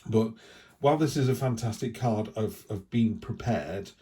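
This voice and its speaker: A man's voice: lowish voice, normal speed, dark tone, husky. A man giving a casual, rambling tarot reading, with frequent restarts and asides. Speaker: tarot reader.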